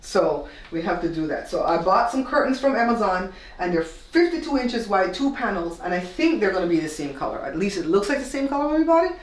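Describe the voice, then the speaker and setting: A woman from Belize hosts a casual home tour vlog in a newly renovated indoor room, explaining things step by step for her viewers. Her medium-pitched, sing-song voice is brisk with hardly any pauses. Her husband holds the camera some distance off, and the bare room sounds echoey.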